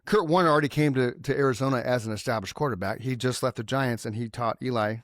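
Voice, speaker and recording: Man, podcast co-host, casual chat, animated, repeats words, mid pitch, dry close sound. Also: quick pace, no room sound. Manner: animated, repeats himself while searching for words, swears casually.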